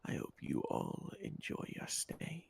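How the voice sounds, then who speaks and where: A man doing a whispered role-play as a soothing ASMR host, talking softly, slowly and breathily to welcome viewers. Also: no echo, lightly acted. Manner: soft, slow, breathy.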